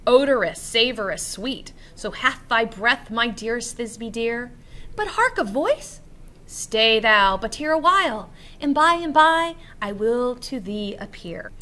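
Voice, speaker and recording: A woman's voice: fairly high pitch, expressive, takes it slowly, sharp tone, exaggerated voice. A woman reading the lines of a blustering, foolish male weaver, declaiming them over-dramatically. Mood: pompous.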